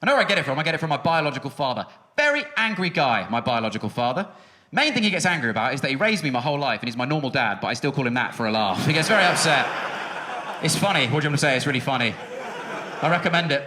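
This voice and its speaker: A man's voice: mid-range voice, expressive, rapid-fire, bright, forceful tone. A young man doing a stand-up routine on a music hall stage, ranting with exasperation, swearing freely and dropping into muttered asides. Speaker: stand-up comedian. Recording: live show with audience noise.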